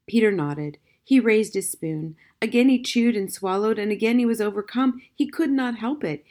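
A woman reads a children's novel aloud in a calm, measured voice. Her narration is steady and clear, shaped for storytelling. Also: medium pitch. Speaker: audiobook narrator. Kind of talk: scripted narration.

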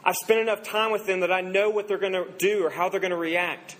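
High-voiced male pastor preaching. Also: level tone, a little fast, fairly bright tone, poor audio. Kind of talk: sermon.

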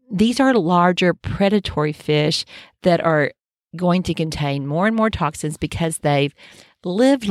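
A woman's voice: on the low side, no echo, studio quality. A middle-aged woman giving an informal health talk in a conversational, reassuring way, with frequent fillers. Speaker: health educator.

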